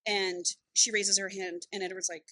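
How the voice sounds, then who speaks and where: A woman's voice: mid-range voice, flat delivery, normal speed, sharp tone, poor audio. A woman co-hosting a podcast in casual chat, retelling a book's scenes with plenty of profanity and quoted character lines. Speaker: podcast co-host. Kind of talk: casual chat, recapping a book.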